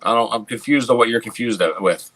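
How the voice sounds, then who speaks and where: A man's voice: mid-range voice, brisk, fairly bright tone, rough recording. A man co-hosting a reaction video, questioning and pushing back on his partner's view. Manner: questioning, pushes back in a friendly way. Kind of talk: casual reaction commentary.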